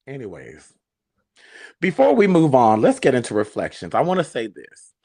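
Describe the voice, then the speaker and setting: A man's voice: medium pitch, wildly swooping pitch, measured pace, pauses often, a little mellow, husky, no room sound, clean studio sound. Sassy, preachy male talk show host. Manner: preachy, sassy, calls listeners baby. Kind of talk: casual talk show monologue.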